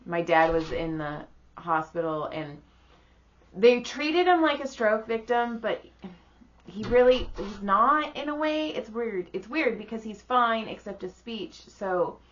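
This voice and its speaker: A woman's voice: a little high, animated, measured pace. A woman in her thirties, co-hosting a casual podcast, joking bluntly and swearing freely. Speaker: podcast co-host. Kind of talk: casual chat. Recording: dull lo-fi podcast audio.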